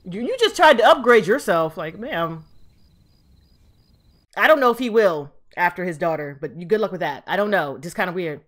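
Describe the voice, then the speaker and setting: A woman's voice: on the low side, animated, normal speed. A woman hosting a reaction video, chatting casually with playful, exclaiming asides.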